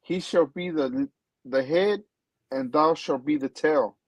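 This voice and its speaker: A man co-hosting a talk show, reading Bible verses slowly and carefully. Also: a little high, no room sound, poor audio. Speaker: co-host reading scripture.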